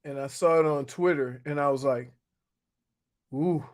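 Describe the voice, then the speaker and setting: A man's voice: mid-range voice, fairly quick. A man co-hosting a sports radio show, joking around and laughing often. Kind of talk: casual sports radio chat. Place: radio studio.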